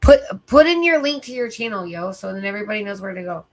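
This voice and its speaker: A woman with a mid-range voice talks fast and animatedly while hosting a livestream, though she's sleepy and tired. Her casual chat with viewers rambles, full of filler words and swearing.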